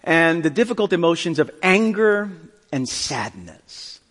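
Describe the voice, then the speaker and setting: A male pastor giving a sermon, telling a story with lively, acted-out dialogue. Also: a little high, unhurried. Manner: animated storytelling, acting out dialogue. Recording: long hall reverb.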